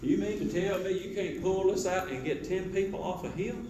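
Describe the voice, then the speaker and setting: A man giving a sales training talk to a live audience, quizzing the crowd and acting out sales pitches. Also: a little fast, distant mic. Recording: roomy hall echo with faint noise.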